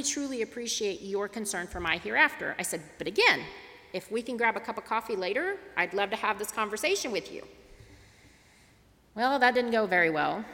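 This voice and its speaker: A woman's voice: medium pitch, in a large hall. A middle-aged woman from Tulsa telling a personal story as an interfaith advocate, acting out the dialogue as she goes. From Tulsa, Oklahoma. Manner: animated storyteller, acts out dialogue.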